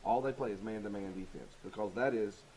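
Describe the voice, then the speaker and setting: A man coaches through his answers in a relaxed, halting way. He laughs easily and restarts his sentences as he goes. A faint hiss sits under the recording. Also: fairly low pitch, low-quality recording. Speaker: high school basketball coach. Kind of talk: casual interview chat.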